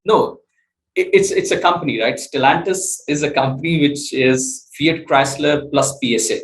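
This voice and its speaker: A man, a startup CEO, explaining his business in an interview, halting with many fillers and restarts. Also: on the high side, poor audio. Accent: Indian English.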